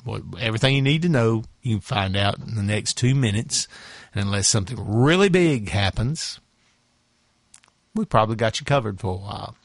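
A man's voice: fairly low pitch, animated, normal speed, no room sound. A man with a Southern accent hosting a morning radio show in a folksy, rambling chat. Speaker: radio host.

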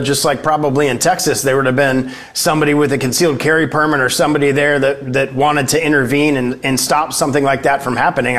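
A man's voice: medium pitch, a bit bright. A man who is a congressman, speaking as a guest in a political interview and making emphatic talking points with frequent fillers.

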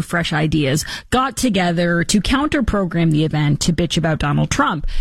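A woman delivers opinionated political commentary as a host. Her tone is sarcastic and mocking, and she slips into quick impressions. The recording is dry and close. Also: on the low side, no echo.

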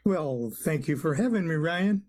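A man being interviewed on late-night radio, answering thoughtfully with many pauses and fillers. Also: on the high side, expressive, a little mellow. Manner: hesitant, many uhs, thoughtful, chuckles. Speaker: guest, author and singer-songwriter.

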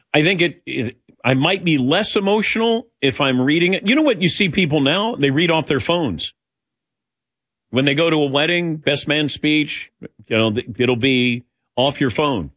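A middle-aged man hosting a talk radio show, chatting casually with callers in an animated, self-deprecating, rambling way. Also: medium pitch, no echo, studio quality.

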